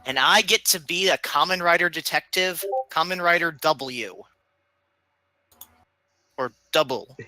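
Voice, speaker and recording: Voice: medium pitch, measured pace, long pauses, sharp tone, dry recording, low-quality recording. A player in a casual tabletop game session, talking eagerly and chattily.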